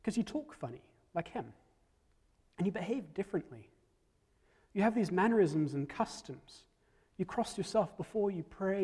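A man's voice: high-pitched, warm tone, breathy edge, big-room sound, exaggerated voice. A man voicing a suspicious male bystander at a fire who presses with accusing questions.

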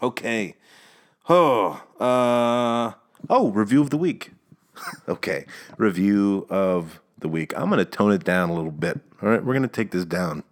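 A man's voice: on the low side, a little slow. A young man hosting a casual solo podcast, rambling and ranting with frequent chuckles. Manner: animated, ranting, chuckles often. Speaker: podcast host. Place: outdoors or near a window, planes heard passing.

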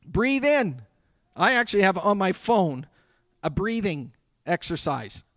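A man delivering a sermon as a pastor, talking conversationally with dramatic pauses. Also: sits high, animated, a bit bright, no echo, clean studio sound. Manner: conversational preaching with dramatic pauses and acted quotes.

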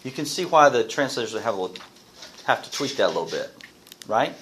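A man's voice: mid-range voice, big pitch swings, fast, pauses often, fairly bright tone, a little hiss or hum, rough recording. A man teaching a Bible study class, asking his group questions and reading verses aloud.

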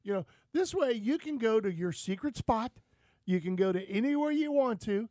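A man's voice: high voice, normal speed, no echo. A man hosting a talk show, rambling through folksy stories in casual chat. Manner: rambling, folksy, animated storytelling. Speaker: outdoors show host.

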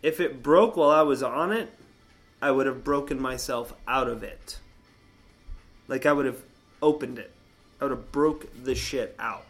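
A man in his thirties telling a story casually, animated and swearing, acting out quotes in a higher voice. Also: normal speed, long pauses, faint music behind. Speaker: vlogger.

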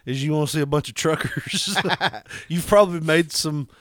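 A man's voice: a little high, moderate pace, no echo, clean studio sound. A man co-hosting a casual podcast, teasing and laughing a lot as he talks. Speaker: podcast co-host. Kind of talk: casual chat.

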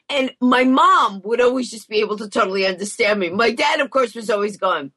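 A middle-aged woman being interviewed as a guest, telling stories in a rapid, bubbly way and acting out the voices of people in them. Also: a little high, sharp tone, slightly rough. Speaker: guest, motivational speaker and comedian. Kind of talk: storytelling in an interview.

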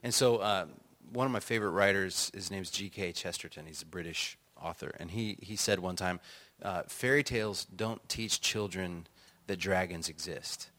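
This low-voiced, middle-aged American author and songwriter talks at a moderate pace, spinning conversational stories. He stays animated throughout, performing quotes and breaking into frequent laughter.

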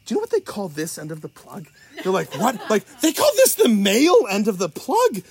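A middle-aged man, a sex education teacher, tells classroom stories and gives advice in a lively way, laughing often and acting out his students' voices. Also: high voice, fairly quick, vocal fry. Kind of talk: animated storytelling and advice.

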